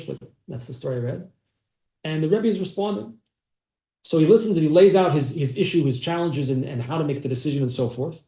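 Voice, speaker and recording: A man's voice: fairly high pitch, mellow. Man teaching a class in an echoey room. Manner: storytelling, acts out quoted speech. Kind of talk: telling a story in a class.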